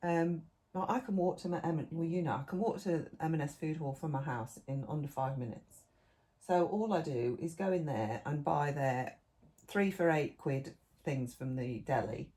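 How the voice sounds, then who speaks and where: A middle-aged woman with a low, warm voice co-hosts a podcast, chatting casually at a moderate pace while eating. She rambles through long lists and restarts her sentences mid-thought.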